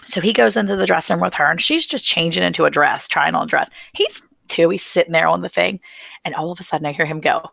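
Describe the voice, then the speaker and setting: A woman's voice: fairly low pitch, fast talker, creaky, no echo. A woman co-hosting a casual livestream chat, telling funny family stories with lots of laughter. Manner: storytelling with lively laughter. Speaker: co-host.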